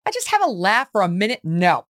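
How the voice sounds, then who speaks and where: A woman talk show host from Syracuse, chatting in an amused way with quick asides. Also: mid-range voice, huge pitch swings, fairly bright tone, dry recording, clean studio sound. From Syracuse, New York. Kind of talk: casual chat.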